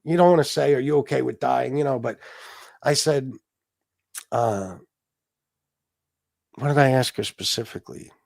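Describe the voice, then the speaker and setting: A man talks on his own live-stream show at a middle pitch. His delivery is casual and emotional. He rambles, restarts sentences, adds asides and swears now and then. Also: normal speed, gravelly, long pauses, a little mellow. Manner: profane. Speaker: political talk show host.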